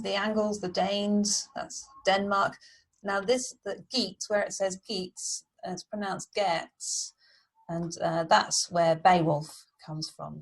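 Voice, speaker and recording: Woman teacher, friendly and patient with kids; breathy voice. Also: medium pitch, low-quality recording. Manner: friendly, explaining slowly with fillers. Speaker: primary school teacher. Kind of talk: recorded home lesson for children.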